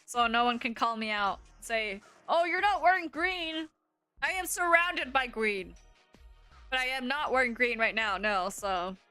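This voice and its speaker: Brief: young female streamer, high voice, dramatic reactions. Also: unhurried, smooth, dry recording. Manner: chatty, laughing asides, dramatic reactions. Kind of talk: game playthrough commentary. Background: soft game music.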